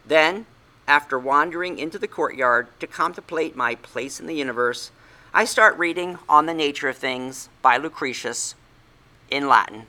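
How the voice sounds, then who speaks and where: A man's voice: a little high, normal speed, bright, forceful tone. A man playing a smug teen prodigy. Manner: haughty, slyly evasive. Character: snobbish teenage boy prodigy, smug and aloof.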